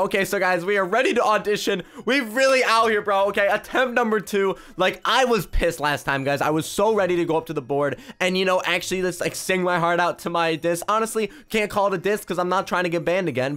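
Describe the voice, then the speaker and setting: Brief: young male YouTuber with a head cold, high-pitched and amped, peppers everything with "bro", faint game music underneath. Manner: energetic, slangy, keeps saying "bro" and "guys". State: has a cold. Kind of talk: hyped gameplay commentary.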